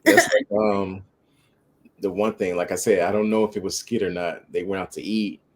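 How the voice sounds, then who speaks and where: A man co-hosting a casual talk show about dating, telling stories in a relaxed way with slang. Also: deep voice, fairly quick. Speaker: podcast co-host. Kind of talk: casual chat.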